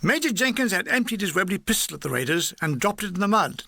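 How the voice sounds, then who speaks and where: A man narrating his own war memoir as an audiobook, with wry, comic deadpan storytelling. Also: high voice, quick pace, gravelly, dry recording. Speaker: author and narrator.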